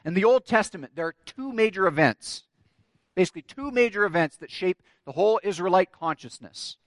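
A man's voice: high-pitched, lively intonation, fairly quick, no echo. A man preaching a sermon, telling a story and building to emphatic declarations. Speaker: pastor.

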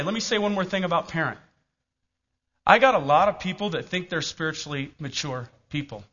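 Bright-voiced male pastor preaching. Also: high-pitched. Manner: storytelling, asks the congregation questions. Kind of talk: sermon. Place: church. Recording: dull lo-fi recording.

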